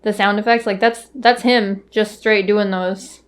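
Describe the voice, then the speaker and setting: A woman's voice: mid-range voice, fairly even intonation, a little slow. A young woman co-hosting a casual podcast, swearing a lot and breaking into quoted movie lines. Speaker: podcast co-host. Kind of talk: casual chat.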